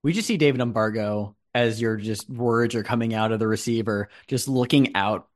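Man narrating a tabletop game scene. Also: medium pitch. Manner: slow, atmospheric narration. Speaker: game master.

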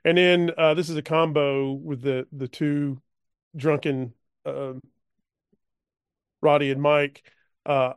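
Man, somewhat high voice, hesitant, lots of fillers, dry sound. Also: fairly even intonation, smooth, no echo. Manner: halting, with many fillers. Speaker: player. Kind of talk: casual chat reviewing a game session.

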